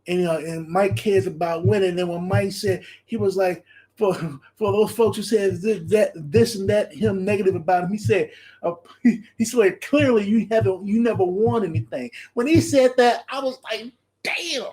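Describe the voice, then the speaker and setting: Animated high-voiced man hosting a podcast. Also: normal speed. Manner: animated, laughs often, repeats phrases. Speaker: podcast host. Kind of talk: casual solo commentary.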